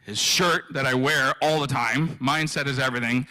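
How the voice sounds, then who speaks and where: A man in his fifties telling his own story at a live event, his voice bright and forceful. He stops and restarts, repeating his words as the emotion builds. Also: mid-range voice, steady tone, low-quality recording. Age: 50s. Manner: halting, repeats himself, emotional. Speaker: guest speaker sharing his story.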